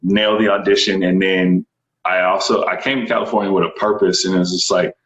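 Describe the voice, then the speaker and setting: A young man from Texas telling stories in a casual interview, animated and enthusiastic, acting out what other people said. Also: low-pitched, brisk, reverberant, rough recording. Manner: animated, enthusiastic, frequent laughs and quoted voices. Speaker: stunt performer, interview guest.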